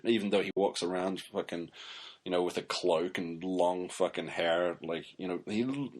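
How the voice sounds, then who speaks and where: Casting: male podcaster, low husky voice, sarcastic sweary rant. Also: expressive, brisk. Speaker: podcast host. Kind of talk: casual solo commentary.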